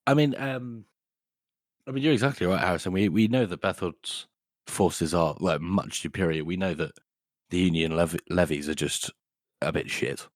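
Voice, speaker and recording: A man's voice: deep voice, moderate pace, dry recording. A man co-hosting a casual book podcast, who laughs often and swears casually. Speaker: podcast co-host.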